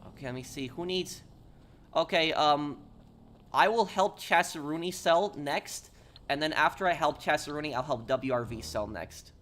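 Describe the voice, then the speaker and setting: A man's voice: fairly high pitch, normal speed, fairly bright tone. A man streaming a game live, chatting casually with viewers and answering their messages, often stopping and repeating words. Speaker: gaming streamer.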